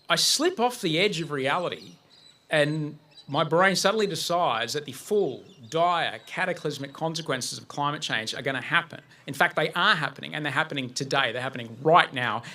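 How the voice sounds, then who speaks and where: A man's voice: fairly high pitch, lively intonation, normal speed, bright, forceful tone. A man speaking to an audience, telling a personal story vividly and acting out his own panic. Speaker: guest speaker. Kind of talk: personal story told on stage.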